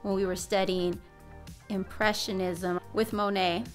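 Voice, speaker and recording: A woman's voice: mid-range voice, little pitch movement, measured pace, faint music behind. Upbeat woman co-hosting a review. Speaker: homeschooling mom and channel co-host. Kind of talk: casual curriculum review chat.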